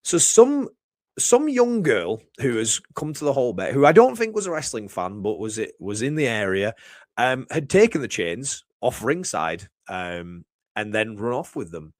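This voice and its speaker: A young man spinning a rambling, self-deprecating story as a guest. His pitch swings widely and with real animation, and the sound is dry and close with no room around it. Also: very animated, normal speed, dry recording. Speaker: wrestler guest. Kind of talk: casual storytelling chat.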